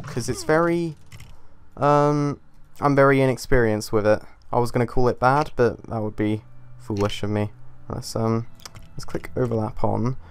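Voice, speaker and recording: A man's voice: mid-range voice, clean tone. A young man giving casual gameplay commentary as he builds, muttering to himself, swearing and getting easily frustrated. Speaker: gaming YouTuber.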